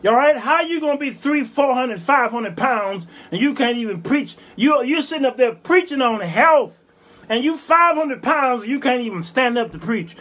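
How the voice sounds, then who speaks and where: A show host in his fifties delivers a fiery, scolding rant, hammering the same phrases again and again and breaking into bursts of shouting. His voice is very high-pitched and animated, and he speaks at a normal speed.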